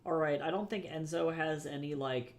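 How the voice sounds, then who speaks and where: Chatty young man with a gravelly edge. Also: fairly high pitch, normal speed. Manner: chatty, thinks aloud, answers chat. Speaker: comic artist streamer. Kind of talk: casual livestream chat while drawing.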